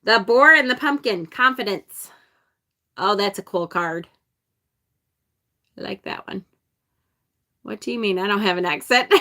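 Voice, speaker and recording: Bright and forceful, her voice on the high side, the upstate New York woman hosts her tarot channel's live deck unboxing. She's chatty, laughs a lot, and reads comments from viewers out loud.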